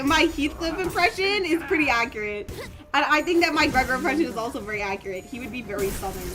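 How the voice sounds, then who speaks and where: A woman from Germany streaming a video game, chatting and joking playfully, and reading game text aloud. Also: on the high side. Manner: playful, animated, jokey. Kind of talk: casual gameplay commentary. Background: game music.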